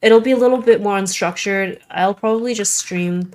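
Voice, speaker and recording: A woman's voice: medium pitch, normal speed, darkish tone. A young adult woman streaming a game and chatting casually, rambling with lots of "like" in a Valley Girl-ish way. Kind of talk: casual gaming stream chat.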